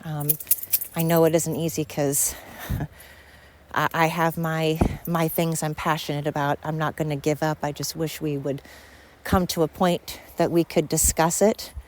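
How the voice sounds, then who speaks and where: A woman's voice: deep voice, flat delivery, unhurried. A woman hosting her podcast in a casual, earnest monologue, rambling and emphatic with many fillers, a little winded as she walks outdoors. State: slightly winded. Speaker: podcast host.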